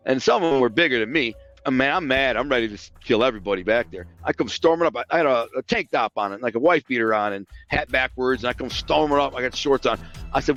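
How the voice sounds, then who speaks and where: A man from the Detroit area telling stories in a casual, streetwise way, acting out the dialogue as he goes. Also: mid-range voice. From Detroit area, United States. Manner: streetwise, animated, acts out dialogue. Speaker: guest, former mobster. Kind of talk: casual storytelling.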